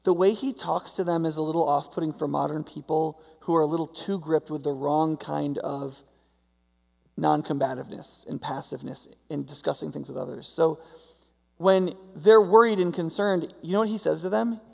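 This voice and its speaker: Male pastor, conversational preaching style, high gravelly voice, recorded in an echoing hall. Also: fairly even intonation, normal speed, darkish tone. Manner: conversational, frequent "right?" and "like". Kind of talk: sermon. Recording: long hall reverb.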